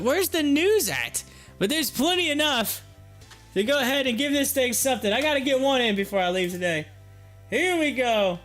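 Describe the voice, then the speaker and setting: A man's voice: extremely high pitch, sharp tone. A man hosting a live trading stream, chatting casually, reading viewer comments aloud and laughing often. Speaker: livestream stock trading host.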